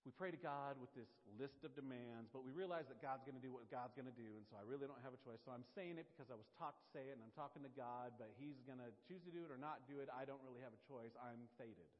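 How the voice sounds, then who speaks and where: Chatty preacher in an echoey hall. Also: male voice, medium pitch, quick pace, few pauses. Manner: conversational, jokey, addresses the audience. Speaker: pastor. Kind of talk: sermon. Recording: echoey hall, dull sound.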